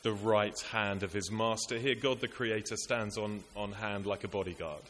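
A man's voice: on the low side, steady tone, moderate pace, fairly bright tone. A man preaching a sermon, earnest and rhetorical, building his points through repetition and lists. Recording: echoey hall with faint hiss.

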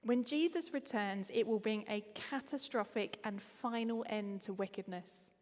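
A woman with an Essex accent preaching a sermon in a conversational, lively way, with frequent ums. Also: medium pitch, a little slow, long reverb tail.

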